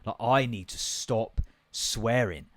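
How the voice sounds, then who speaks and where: A man's voice: medium pitch, slow, a bit bright. A young English man hosting a podcast, ranting in a casual, sweary way that jumps from topic to topic. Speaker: podcast host.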